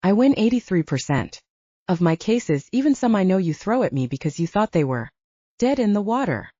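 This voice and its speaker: A woman voicing a proud, ambitious young woman lawyer who speaks in a crisp, assertive courtroom manner, in a slightly muffled lo-fi recording. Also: medium pitch, sing-song, moderate pace, mellow, no room sound. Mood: firm.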